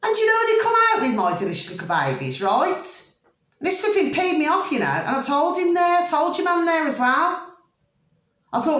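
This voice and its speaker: A woman vlogging in a lively, wound-up rant, pitch swinging high then dropping low as she retells a row. Her voice sits a little high for a woman and rings in an echoey room. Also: normal speed. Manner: animated, repeats "I said", calls viewers "my delicious little babies". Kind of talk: ranting monologue to viewers.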